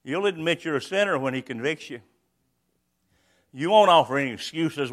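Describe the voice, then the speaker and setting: Older male preacher, high voice, repeats his points hard, then drops to near-whisper. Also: animated, normal speed, long pauses. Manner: emphatic, repetitive, swings between loud and hushed. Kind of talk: sermon.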